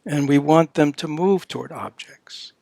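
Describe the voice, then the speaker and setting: A man's voice: a little high, a little slow, creaky, a little mellow, dry recording. An older man giving a dharma talk at a retreat, conversational and full of "you know" and "right?", now and then voicing playful baby-talk examples. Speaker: Buddhist dharma teacher.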